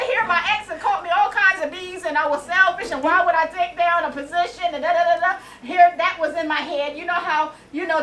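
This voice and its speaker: A woman in her late forties sharing an animated, laughing testimony at a women's conference. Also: very high voice. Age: 40s. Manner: animated storytelling, laughing and exclaiming. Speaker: inspirational speaker. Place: conference venue with a small audience. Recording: distant mic with faint audience and room noise.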